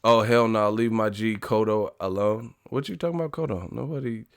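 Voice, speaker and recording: A man's voice: fairly low pitch, fairly quick, gravelly, smooth. Profane, laughing man hosting a live stream. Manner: loud, profane, laughing, joking. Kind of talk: casual live-stream chat.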